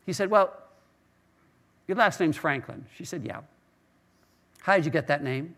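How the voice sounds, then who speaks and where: A man's voice: fairly high pitch, normal speed, pauses often, a bit bright. A middle-aged male pastor preaching a sermon, telling stories with many restarts and repeated words.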